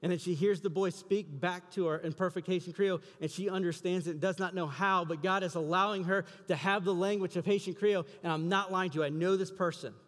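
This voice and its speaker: A man's voice: fairly even intonation, quick pace, hardly any pauses. A man preaching a sermon as a story, acting out the quoted lines with a lifted voice and more volume. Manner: acts out quoted dialogue, rising in pitch and volume. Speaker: pastor. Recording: reverberant hall.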